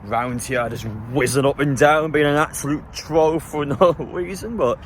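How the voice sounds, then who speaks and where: A man's voice: a little high, moderate pace. Brief: young man, phone vlog, fed-up rants, slight background hiss. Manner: exasperated, swearing, muttering at night. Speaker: vlogger. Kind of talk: casual vlog talk to camera. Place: hotel room at night.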